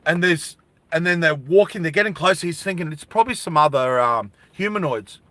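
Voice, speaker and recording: A man telling a story casually, loud and rambling. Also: a little high, animated, brisk, no room sound. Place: indoors with rain and industrial noise.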